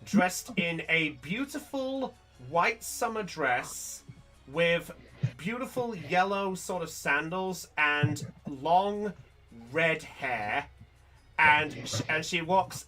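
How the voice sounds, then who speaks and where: Game master narrating tabletop play, animated, bright, keeps self-correcting. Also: mid-range voice, slow, soft background music, low-quality recording.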